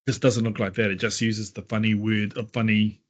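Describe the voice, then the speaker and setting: A man's voice: on the low side, little pitch movement, fairly quick. A man co-hosting an online session, speaking casually and hesitantly, with repeated words and frequent ums. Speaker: webinar co-host. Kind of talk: casual conversation.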